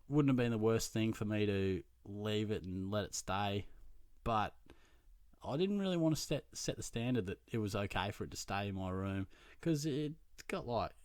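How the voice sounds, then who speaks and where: A young Australian man, a podcast host, telling a profane, self-mocking anecdote in a casual, animated way. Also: medium pitch, smooth, dry recording, clean studio sound. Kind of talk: casual storytelling.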